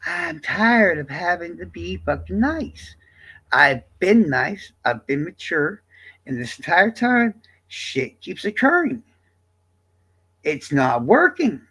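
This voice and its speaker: A streamer rants at his viewers in a livestream monologue, profane and combative, speaking straight to chat. His husky voice swoops wildly and climbs high, with a sharp tone and a slow delivery.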